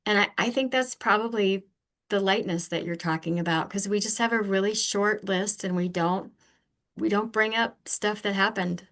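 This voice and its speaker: An older woman who is a podcast guest, telling earnest personal stories in a candid, animated conversational way. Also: medium pitch, normal speed. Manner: earnest, animated, acts out remembered exchanges.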